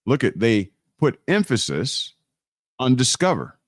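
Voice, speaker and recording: In a clean studio recording with no room sound, a man with a medium-pitched, sing-song voice speaks a little slowly. He hosts a live online teaching stream, preaching about law and scripture in a preachy, emphatic way, often restarting and repeating key phrases for emphasis.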